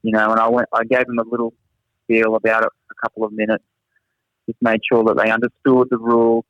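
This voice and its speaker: A young teacher, appearing as a guest, talks fast with a completely flat delivery at medium pitch. He meanders through funny anecdotes in casual conversation and laughs at himself, in a dry recording with slightly dull lo-fi sound.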